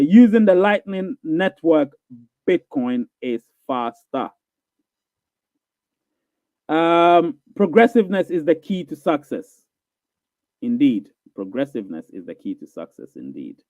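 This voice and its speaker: A mid-range male voice belongs to a live Q&A show host reading viewers' comments. His answers are emphatic and repetitive, peppered with "you get what I'm saying?" The recording lacks room sound and has a thin, phone-like quality.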